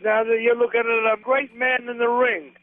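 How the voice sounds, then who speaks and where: A man's voice: very high-pitched, little pitch movement, normal speed, no echo. An older man from New Zealand with a New Zealand accent, a wrestler hamming it up in a boisterous promo-style phone interview. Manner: boisterous, hammy wrestling persona full of slang. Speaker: professional wrestler guest. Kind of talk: over-the-top wrestling promo banter. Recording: tinny dry phone line.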